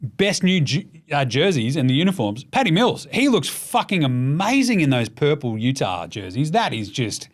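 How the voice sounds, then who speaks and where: A man with an Australian accent hosting a casual, profane basketball chat, joking and swinging into excited outbursts. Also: a little high, moderate pace. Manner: animated, profane, jokey, bursts into shouts. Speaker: podcast host.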